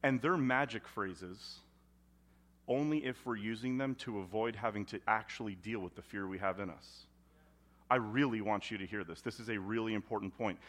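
A male pastor preaching a sermon in a conversational style, swinging between loud emphasis and hushed intensity. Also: lowish voice, moderate pace.

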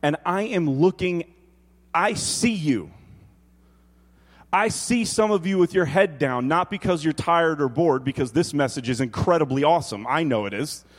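Animated pastor preaching in a reverberant hall. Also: male voice, fairly high pitch, normal speed. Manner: animated, joking, swings between quiet emphasis and loud exclaims. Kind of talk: sermon. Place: church hall.

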